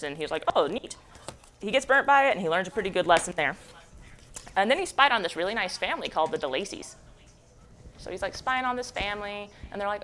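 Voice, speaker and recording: A woman's voice: medium pitch, fairly bright tone, slight background noise. A young adult woman giving a jokey, slangy, casual book summary as a book club presenter.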